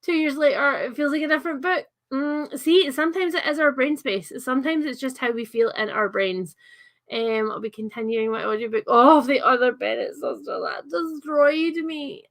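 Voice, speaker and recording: A woman's voice: sits high, a little fast, fairly bright tone. A young adult woman with a Scottish accent chatting on a livestream, reading out comments with lots of fillers and giggles. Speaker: livestream host.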